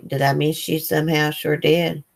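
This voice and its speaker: Low-voiced chatty woman. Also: flat delivery, moderate pace, vocal fry. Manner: chatty, reads viewer comments aloud; loose, rambling with fillers. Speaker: livestream host. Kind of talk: casual live chat.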